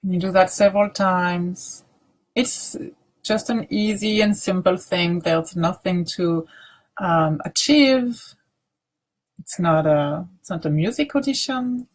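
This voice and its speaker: A woman teacher leading a guided grounding practice, speaking softly with many pauses and restarts. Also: lowish voice. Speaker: meditation teacher.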